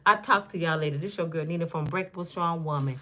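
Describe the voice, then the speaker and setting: Talking fast in a low, bright, forceful voice, a woman in her fifties hosts her own casual commentary vlog. Her style is relaxed and humorous, and she acts out small scenes as she goes.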